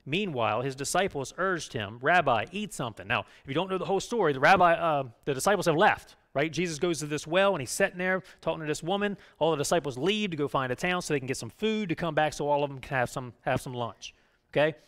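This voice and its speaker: A man preaches to his congregation in a loose, conversational way, tossing in quick "right?" asides as he goes. His voice sits a bit high for a man, and he swings from emphatic, raised lines to hushed, low ones. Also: expressive. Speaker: pastor. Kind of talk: sermon.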